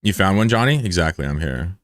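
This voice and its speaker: A man hosts a live stream in casual chat, teasing viewers with crude, joking banter. His voice sits low, and the sound is close and dry with no room echo. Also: expressive, brisk.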